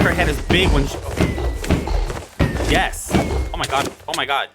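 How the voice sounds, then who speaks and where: Excitable gamer yelping at game mobs. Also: mid-range voice, measured pace, long pauses. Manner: excitable, frequent startled exclamations. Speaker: gaming video creator. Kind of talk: let's-play commentary. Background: background music.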